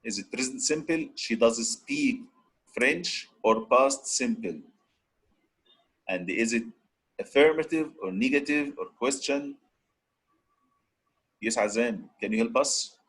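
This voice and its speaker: A man's voice: medium pitch, lively intonation, unhurried, pauses often, a bit bright, husky, poor audio. A man teaching an English grammar lesson, switching between Arabic and English and repeatedly prodding his students to answer.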